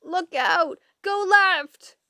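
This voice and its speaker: A woman's voice: medium pitch, lively intonation, a little slow, vocal fry, a bit bright, no room sound, clean studio sound. A woman voicing a blind old gray sister who screams warnings from the middle seat. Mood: panicked. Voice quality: screeching.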